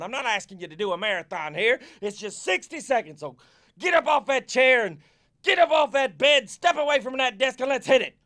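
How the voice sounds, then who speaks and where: A loud, pushy football coach in a scripted exercise video, jokey and coaxing. His voice sits very high for a man and has a gravelly, fry-edged grain. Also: heavily acted. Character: upbeat male football fitness coach. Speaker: coach leading an exercise break.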